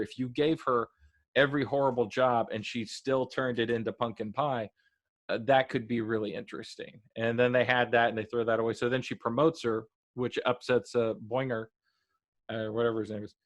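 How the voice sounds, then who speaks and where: A man co-hosting a casual review chat, talking in a rambling, halting way with lots of fillers and lively quoted asides. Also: medium pitch. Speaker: podcast co-host reviewing a TV episode.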